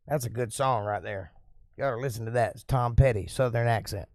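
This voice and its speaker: A man hosting a casual live stream, reading viewer comments aloud and answering them in a relaxed, talkative, folksy way. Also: medium pitch, fairly quick, no room sound, clean studio sound.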